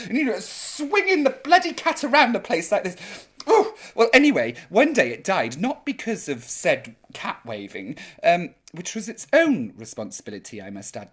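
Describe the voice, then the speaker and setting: A man's voice: high-pitched, a bit bright. A man hosting a live chat show as a drag grandma persona, reading viewer comments in a camp, theatrical, mock-offended and bawdy way.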